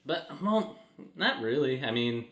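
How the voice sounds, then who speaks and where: A man's voice: medium pitch, sing-song, a little slow, fairly bright tone. A man co-hosting a podcast, chatting casually with laid-back, teasing banter. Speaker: podcast co-host. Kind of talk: casual chat. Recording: roomy echoey recording.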